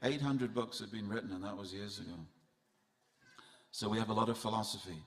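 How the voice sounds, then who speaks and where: A man's voice: on the low side, brisk. A man giving a festival sermon in a temple hall, telling humorous stories and speaking straight to his audience. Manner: humorous storytelling, addresses the audience directly.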